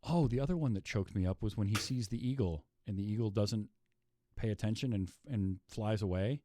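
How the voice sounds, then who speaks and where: A man's voice: on the low side, fairly quick, mellow, a little hiss or hum. A man hosting a podcast, chatting casually about a film and acting out his own reactions as he tells it. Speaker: podcast host.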